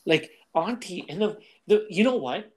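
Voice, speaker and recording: Animated male comedian telling stories. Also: high voice, unhurried, breathy edge. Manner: animated storytelling, acts out voices. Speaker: comedian and podcast co-host. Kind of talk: casual comedy podcast chat.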